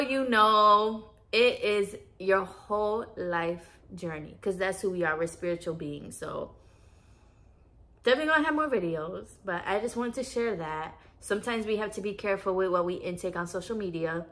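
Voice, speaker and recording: Young woman vlogger, bright tone, animated and candid, speaks to her audience directly. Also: fairly low pitch. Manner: animated, swears and laughs often, talks to viewers as y'all. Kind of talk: casual spiritual vlog talk.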